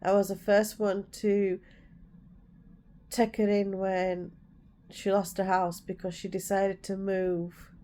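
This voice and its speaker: A woman's voice: mid-range voice, level tone, takes it slowly, mellow, a little hiss or hum. A woman talking frankly and from the heart in a personal vlog, retelling what happened to her and what she said at the time. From Yorkshire, England. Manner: frank and heartfelt, retelling her own past words with heat. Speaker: vlogger. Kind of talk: candid personal storytelling vlog.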